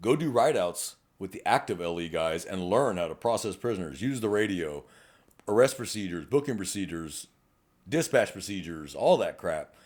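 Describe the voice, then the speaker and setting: This low-pitched man has a darkish tone and talks animatedly at a normal speed. A police officer and podcast co-host, he swaps cop stories with plenty of profanity and laughter in a relaxed chat.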